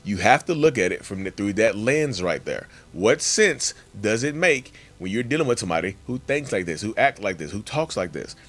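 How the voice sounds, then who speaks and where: A man's voice: lowish voice, sing-song, moderate pace, few pauses, a bit bright. A man hosting a casual, emphatic monologue for his channel and addressing viewers directly as y'all. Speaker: channel host.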